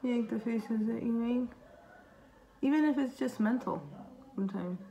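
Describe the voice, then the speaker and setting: Chatty woman with a gravelly edge. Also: fairly high pitch, normal speed, dark tone, slight background noise, rough recording. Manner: chatty, rambling, talks to herself while working. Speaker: beauty vlogger. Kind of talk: casual makeup tutorial chat.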